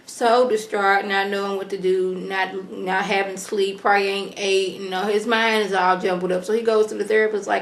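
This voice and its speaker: Give me a woman with a mid-pitched voice recapping a TV episode in slang, in a roomy, echoey space. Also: normal speed, hardly any pauses. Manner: animated, slangy, acts out characters. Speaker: TV episode reviewer. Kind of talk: casual TV recap vlog.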